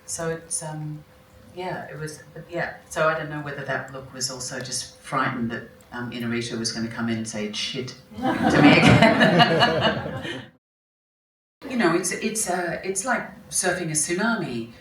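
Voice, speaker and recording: A woman film actress, guest at an onstage conversation in a large festival hall, responds reflectively to interview questions, frequently restarting and correcting herself mid-sentence. She speaks in a low, unhurried voice over a noisy background, caught by a distant mic in a roomy space with faint ambience.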